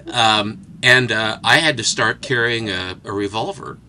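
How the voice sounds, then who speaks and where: This is a man spinning a casual story as a talk-show guest. His voice is bright and forceful. He is animated and slips into the voices of the people he describes. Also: on the low side, unhurried, slight background noise, poor audio. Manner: animated storyteller who acts out characters. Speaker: guest telling stories. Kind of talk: casual anecdote.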